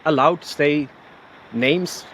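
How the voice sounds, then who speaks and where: A man's voice: a little high, slow, slight background noise. A man, a voice actor, telling stories in a casual interview over a video call, with lots of restarts and laughter. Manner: animated storyteller, many restarts and laughs. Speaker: voice actor guest.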